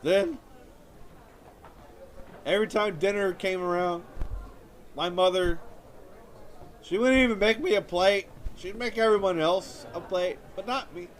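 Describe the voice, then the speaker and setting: On stage before a live audience, a man with a high-pitched voice delivers a stand-up monologue full of whiny, self-pitying storytelling. He speaks at a measured pace and pauses often, while audience laughter and background noise fill the recording.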